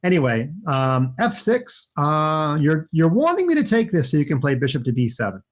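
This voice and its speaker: A man's voice: on the high side, big pitch swings, moderate pace. A man commentating his own chess games live for kids, chatty and upbeat, thinking aloud as he plays. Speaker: chess coach and streamer.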